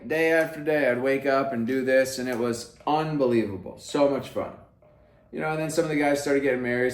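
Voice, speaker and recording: A man telling a story to camera in a brash, profane way, swinging between hushed asides and loud emphatic bursts. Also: medium pitch, roomy sound. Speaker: vlogger.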